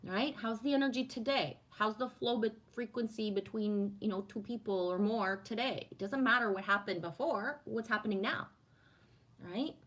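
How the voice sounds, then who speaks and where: A woman's voice: a little high, normal speed. Casual woman reading her livestream chat. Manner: warm, affirming, spiritual musing with frequent "right?". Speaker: livestream host answering chat.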